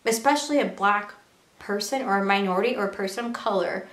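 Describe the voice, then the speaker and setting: A woman's voice: mid-range voice, a little fast, a bit bright. A young woman vlogging to camera in a casual, earnest way, full of rhetorical questions. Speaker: beauty and lifestyle vlogger. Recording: echoey room.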